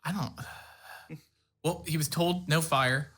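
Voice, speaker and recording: Bright-voiced man at the game table. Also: fairly high pitch, fairly even intonation, takes it slowly, breathy edge. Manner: hesitant, searching. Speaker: player. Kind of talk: casual tabletop game talk.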